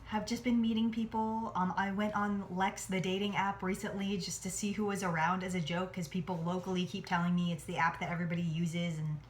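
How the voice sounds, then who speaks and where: A woman's voice: on the low side, level tone, brisk, few pauses, a little hiss or hum. A young woman from New Jersey chatting casually in a home vlog while cooking, rambling and self-deprecating with lots of "like". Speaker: vlogger. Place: home kitchen near a highway.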